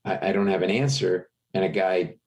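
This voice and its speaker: A middle-aged man, a comedian, telling an animated anecdote in a podcast interview, jumping into raised voices for the people in his story. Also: low voice, normal speed, slightly rough. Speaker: comedian guest.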